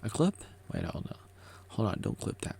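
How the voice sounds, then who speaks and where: A man's voice: moderate pace, dark tone. A man vlogging a rambling motivational monologue, repeating himself and joking with himself as he talks.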